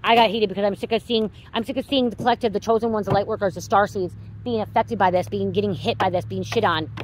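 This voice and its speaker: A woman's voice: medium pitch, steady tone, fast talker, slight background noise, rough recording. A woman giving a psychic reading straight to her viewers, emphatic and repetitive, swearing freely and getting worked up as she goes. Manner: gets worked up and heated. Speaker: psychic card reader.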